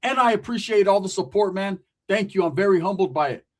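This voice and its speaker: A male host talks in a high, lively voice. He tells a comic family story in a casual, slang-heavy, profane way. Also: brisk. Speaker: comedic storyteller, channel host.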